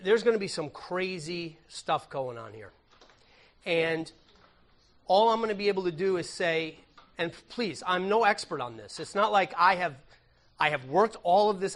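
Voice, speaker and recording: A pastor teaching a conversational sermon, retelling a story with humor and casual asides. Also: male voice, high-pitched, fairly bright tone. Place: church.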